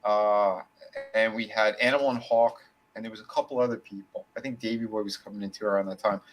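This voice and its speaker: A man's voice: on the low side, fairly even intonation, fast, highs cut off. A man co-hosting a casual wrestling podcast, telling a long story in a rambling way, with many fillers and restarts and casual swearing. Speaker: podcast co-host.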